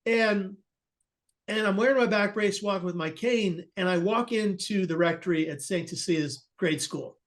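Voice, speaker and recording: A guest on an interview podcast, a man with a high voice, earnestly recounts a personal story at a normal pace. He acts out the people he quotes and often restarts his sentences.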